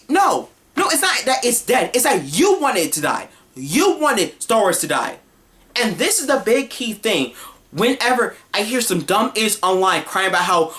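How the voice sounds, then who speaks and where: A woman's voice: on the high side, sing-song, moderate pace, fairly bright tone. A woman delivering a heated, scornful rant as an online commentator, repeating her points and talking over herself. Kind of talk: ranting vlog monologue.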